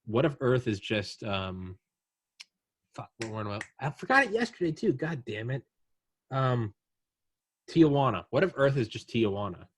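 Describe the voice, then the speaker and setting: A man's voice: medium pitch, very animated, moderate pace, pauses often, a little hiss or hum. A young man hosting a casual podcast chat, rambling and swearing as he spins a story. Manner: rambling, profane, acts out drunk aliens in quotes. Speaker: podcast host.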